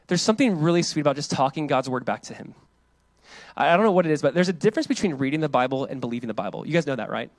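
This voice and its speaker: A male pastor preaching a sermon in a casual, conversational way, playing out the voices in his quotes and dropping to a soft hush when he reflects. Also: on the high side, animated, rapid-fire, no echo.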